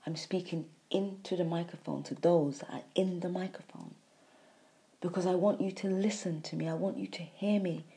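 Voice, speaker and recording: A woman giving a spiritual monologue, repeating phrases in a preachy way, sighing and swinging between soft and loud. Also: on the low side, fairly even intonation, moderate pace. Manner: repetitive, preachy, with sighs and emphatic swings in loudness. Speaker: spiritual speaker.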